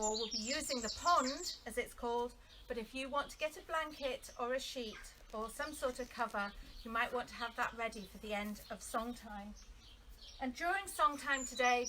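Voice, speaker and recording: A high-pitched woman leads a children's song session, speaking slowly and brightly like a teacher. She is recorded outdoors in a garden, with birds chirping in the background. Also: background noise. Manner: cheerful, sing-song teacher's voice, leading call-and-response. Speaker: vicar leading children's song time.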